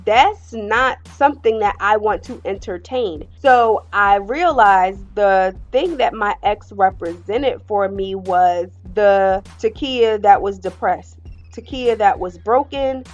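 A woman's voice: medium pitch, slow, muffled recording, faint music behind. A woman hosting her own podcast, confiding in her listeners in a candid, personal monologue. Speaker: podcast host.

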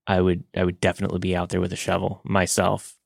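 A man co-hosting a podcast, talking in a relaxed, rambling way and laughing often. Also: deep voice, quick pace, gravelly, no echo, studio quality. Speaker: podcast co-host. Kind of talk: casual chat.

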